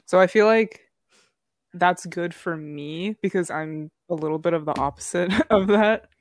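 A woman's voice: fairly low pitch, a little slow, no echo, studio quality. A young woman chatting casually in an easygoing, teasing way. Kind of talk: casual chat.

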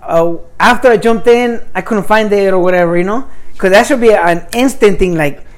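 A man's voice: sits high, moderate pace. A man who is a father of grown kids, co-hosting a podcast and telling stories in a rambling, swearing way. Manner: rambling, swearing, lots of "you know". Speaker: podcast co-host. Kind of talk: casual crude chat.

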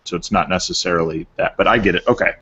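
A man's voice: sits low, fast, pushed and bright, a little hiss or hum. A man hosting a podcast in easygoing casual conversation. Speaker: podcast host. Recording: dull lo-fi remote audio.

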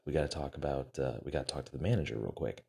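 A man's voice: extremely low pitch, racing, vocal fry, darkish tone, husky. A man casually retelling a success story to motivate his listeners, acting out the quoted lines and using many fillers.

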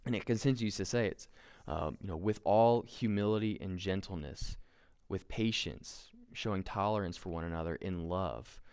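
A man's voice: low-pitched, moderate pace, darkish tone, clear, resonant tone. A young man giving a casual sermon, conversational and self-deprecating, with lots of fillers and restarts. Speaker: preacher.

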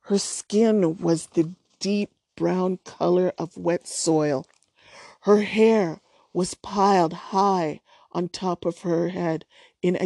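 A woman reading a novel aloud chapter by chapter in a calm, measured way. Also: on the low side, vocal fry, no echo, clean studio sound. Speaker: storyteller.

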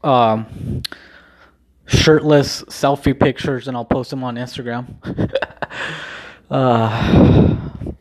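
A young man talks loosely to his camera in a casual vlog, his voice at an ordinary middle pitch for a man. He rambles and halts with frequent ums and restarts, swearing casually. The mood stays subdued and self-deprecating. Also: steady tone, slow, darkish tone. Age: young adult. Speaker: vlogger.

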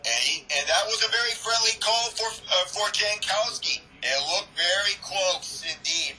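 A man's voice: high voice, a little slow, hardly any pauses, sharp tone, low-quality recording. A man giving color commentary on a baseball game, reacting emphatically and repeating his exclamations. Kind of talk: fan broadcast baseball commentary.

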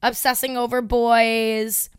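A woman's voice: on the high side, little pitch movement, slow pace, clean tone, no room sound, clean studio sound. A woman co-hosting a comedy podcast in casual chat, chatty and laughing often, swearing freely and talking over others. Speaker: podcast co-host.

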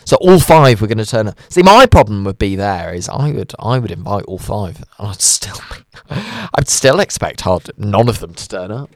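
A man's voice: lowish voice, big pitch swings, moderate pace, no room sound. A man hosting a radio show, chatting casually, ranting and poking fun at himself. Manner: chatty, ranting and self-mocking.

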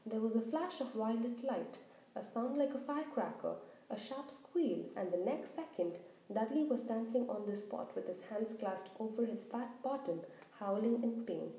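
A woman reads a storybook aloud with expressive, animated narration. Her voice is fairly high and mellow, and it carries a roomy echo. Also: normal speed. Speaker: storyteller reading a book aloud.

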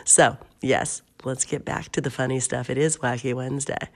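A podcast host talks through a chatty, affectionate monologue on her own show while she's sick, warm-hearted and quick to laugh. Her voice is very deep, with a steady tone at normal speed.

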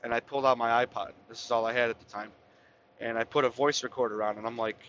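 Young male podcaster, blunt and rambling, forceful bright tone, muffled low-fi recording. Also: quick pace, a little hiss or hum. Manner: rambling, blunt, animated with filler words. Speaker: podcast host. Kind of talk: casual storytelling.

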